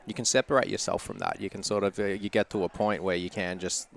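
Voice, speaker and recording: A man being interviewed on a podcast, speaking in a relaxed, thoughtful way and laughing easily. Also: on the low side, quick pace, creaky. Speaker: podcast guest. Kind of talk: casual conversational interview.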